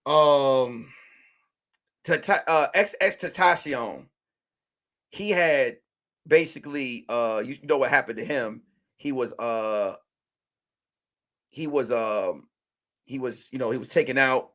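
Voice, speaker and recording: A man's voice: mid-range voice, takes it slowly, pauses often, fairly bright tone. A man hosting a casual livestream commentary, joking and acting out quotes in mock voices. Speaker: livestream host.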